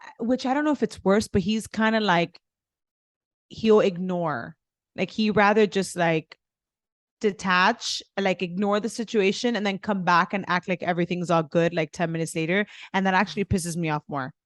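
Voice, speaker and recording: A woman's voice: mid-range voice, moderate pace, no room sound. A woman co-hosting a podcast in casual chat, frank and swearing, rambling with fillers. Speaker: podcast co-host.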